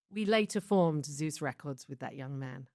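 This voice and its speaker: Being interviewed about her life, this London-born British show creator has a low, darkish voice captured in clean studio sound with no echo. She's candid, chatty and reflective, and laughs between the stories she tells.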